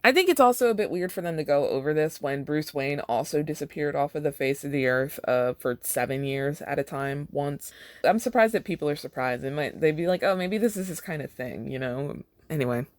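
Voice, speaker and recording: Chatty host reading fan fiction, wry commentary; dry, close, mid-pitched voice. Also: lively intonation, fairly quick, no room sound. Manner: wry, chatty asides with laughs. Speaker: podcast host.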